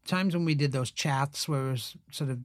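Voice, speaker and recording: A man's voice: on the high side, moderate pace, no room sound, clean studio sound. A middle-aged actor guest in a casual interview, telling stories with lots of fillers and acting out the voices he quotes. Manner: animated, acts out quoted voices, many fillers.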